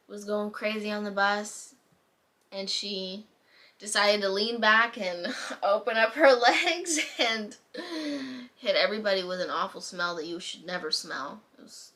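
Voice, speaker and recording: A young woman telling a story at home into her camera, in a chatty, animated way. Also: mid-range voice. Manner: chatty, animated retelling with bursts of laughter. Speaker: vlogger. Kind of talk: casual storytime chat. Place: home room. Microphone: camera mic.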